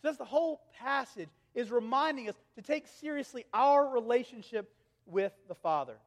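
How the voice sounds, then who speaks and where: A man in his thirties, a pastor preaching a sermon, who swings between raised, urgent passages and hushed, gentle ones. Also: very high voice, lively intonation, moderate pace. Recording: long reverb of a large hall.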